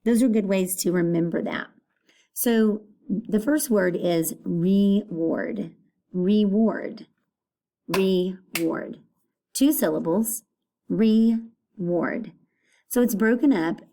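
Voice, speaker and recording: An elementary school teacher, a woman, gives a recorded phonics lesson for young children, patiently repeating words to sound them out. Her voice is medium in pitch and mellow, with some vocal fry.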